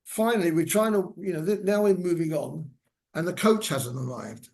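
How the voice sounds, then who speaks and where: Older male guest speaker with a slightly high voice, rambling through anecdotes at a lecture. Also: expressive, moderate pace, gravelly, a little mellow. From England. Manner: rambling anecdotal delivery with fillers. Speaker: guest speaker, former hairdresser. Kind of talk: lecture storytelling. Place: senior center lecture hall.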